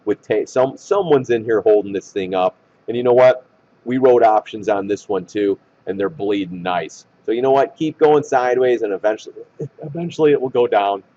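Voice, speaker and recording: A man walking through stock charts in blunt trader slang, hoarse and losing his voice. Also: on the low side, moderate pace, warm tone. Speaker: stock market commentator. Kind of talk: chart analysis talk. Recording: dull lo-fi recording.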